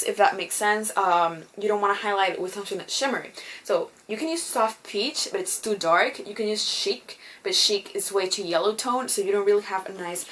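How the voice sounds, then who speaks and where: A woman's voice: on the low side, fairly bright tone, a little hiss or hum. A young woman vlogging in a casual, chatty way, full of ums and casual swearing. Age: young adult. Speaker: beauty vlogger. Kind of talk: casual chat.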